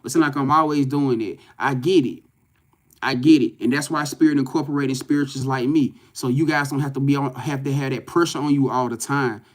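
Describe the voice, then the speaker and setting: A man's voice: mid-range voice, steady tone, fairly quick. A man, talking loosely to livestream viewers as a spiritual reader, swearing and often saying "you know what I'm saying". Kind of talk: casual livestream talk to viewers. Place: in front of a camera at home.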